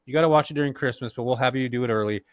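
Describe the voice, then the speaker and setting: A man's voice: medium pitch, rapid-fire, no room sound, studio quality. Laid-back Californian man telling stories. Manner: laid-back, slangy, animated, laughs often. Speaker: podcast guest. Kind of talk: casual interview storytelling.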